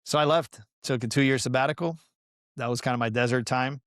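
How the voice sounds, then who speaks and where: A man's voice: mid-range voice, brisk, no echo, clean studio sound. Earnest middle-aged man telling a story. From Colombia. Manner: earnest, animated storytelling with frequent "man" and "you know". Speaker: podcast guest, pastoral counselor and fitness coach. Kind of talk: casual storytelling interview.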